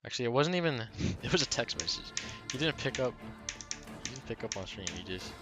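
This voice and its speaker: A man's voice: medium pitch, sing-song, a little fast. A man streaming a game live, chatting casually with viewers in a laid-back, teasing way and calling them "bro" constantly. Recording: loud game music behind the voice. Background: loud game music, keyboard clicks.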